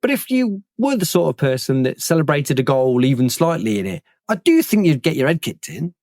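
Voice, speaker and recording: A man's voice: fairly high pitch, big pitch swings, fairly quick, vocal fry, a little mellow, dry recording, clean studio sound. A man hosting a football podcast, chatting casually with many fillers and restarts. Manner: rambling, full of fillers and restarts. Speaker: podcast host. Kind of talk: casual chat.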